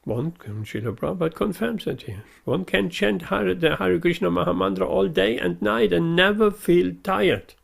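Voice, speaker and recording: A man's voice: sits high, moderate pace, gravelly, hardly any pauses. A man giving a devotional sermon, earnest and emphatic, repeating his key phrases. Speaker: preacher.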